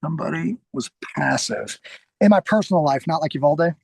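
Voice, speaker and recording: A middle-aged man, a guest on a podcast and a security trainer, telling stories in a casual, animated way, acting out quoted lines and often restarting his sentences. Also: on the high side, fairly quick, gravelly, slightly rough, no echo. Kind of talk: casual interview storytelling.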